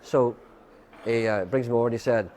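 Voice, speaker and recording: A man's voice: mid-range voice, a little fast, darkish tone, slight background noise. An Irish man, a guest musician, telling a long rambling anecdote, quoting people's lines and filling with "you know".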